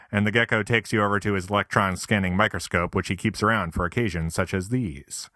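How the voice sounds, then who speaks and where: A man's voice: fairly low pitch, fairly even intonation, fast talker, hardly any pauses, bright, forceful tone, no echo, studio quality. A man reading a scripted comic essay with wry, self-deprecating, mock-earnest asides. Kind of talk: scripted comedic narration.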